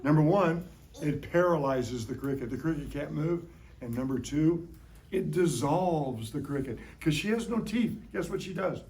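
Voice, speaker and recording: A man's voice: fairly high pitch, lively intonation, moderate pace, darkish tone. A middle-aged man giving a hands-on science demonstration to a classroom of young children, playful and jokey, coaxing them with questions. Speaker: science educator. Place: elementary school classroom.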